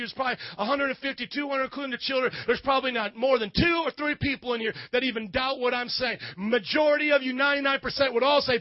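Male pastor, Southern twang, high-pitched, fiery shouting preacher; dry, dull, muffled sermon recording. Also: no echo.

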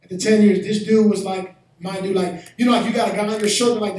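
High-voiced preacher in an echoey hall. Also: male voice, steady tone, fast talker. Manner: storytelling, rising to shouted preaching. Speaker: pastor. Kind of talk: sermon. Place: church hall. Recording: echoey hall, mic from a distance.

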